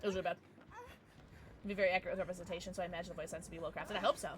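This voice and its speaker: A woman streaming a game and chatting casually with her viewers, excitable and quick to thank them. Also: fairly low pitch. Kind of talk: casual livestream chat while gaming.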